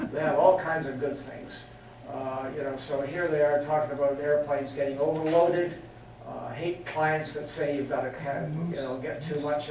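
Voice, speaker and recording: A man's voice: fairly high pitch, darkish tone, a little hiss or hum. An older man from England telling chatty flying anecdotes to a meeting, chuckling at his own stories. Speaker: guest speaker. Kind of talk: storytelling talk. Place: meeting hall. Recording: very echoey hall from far off.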